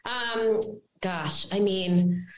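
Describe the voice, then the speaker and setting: A woman's voice: medium pitch, drawn-out words, slight background noise. Woman teaching breathwork, echoey sound. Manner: animated, frequent tag questions and fillers. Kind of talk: interview guest explaining a framework.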